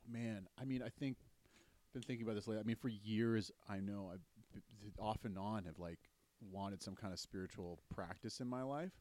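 A man's voice: lowish voice, normal speed, a little mellow. A man speaking as a podcast guest in a casual, hesitant way with many restarts. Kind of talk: casual chat.

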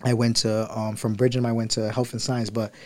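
A man's voice: medium pitch, fairly quick. A young man from Liberia, a singer and entrepreneur, telling his life story in a casual interview and acting out quotes in a raised voice. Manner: animated, acts out quotes in a raised voice, fills talk with "like" and "bro".

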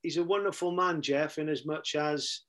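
A man's voice: a little high, fairly even intonation, normal speed, a bit bright. A middle-aged man, telling blunt football stories as a podcast guest and repeating his phrases. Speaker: guest, former football manager. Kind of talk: casual podcast chat, storytelling.

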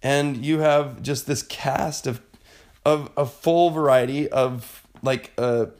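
A young man in a casual monologue, animated and rambling, with a lot of filler words. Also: medium pitch, takes it slowly. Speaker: vlogger.

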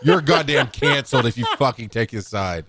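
A man's voice: mid-range voice, animated, fairly bright tone, a little hiss or hum. A man in a heated casual debate, cursing hard and stressing his words. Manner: profane, emphatic, drawn-out delivery.

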